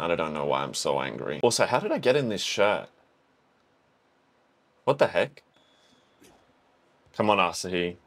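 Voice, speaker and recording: A young man and college volleyball player giving casual reaction commentary, swearing a lot, with slangy talk and sudden yelps and shouts. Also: sits low. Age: young adult. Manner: slangy, calls the viewer bro and dog.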